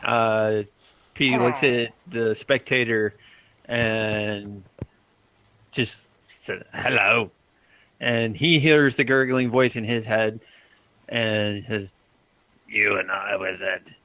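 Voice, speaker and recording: A man's voice: mid-range voice, steady tone, takes it slowly, a bit bright, smooth, low-quality recording. A man running a tabletop game as game master, loose and laughing, with lots of fillers.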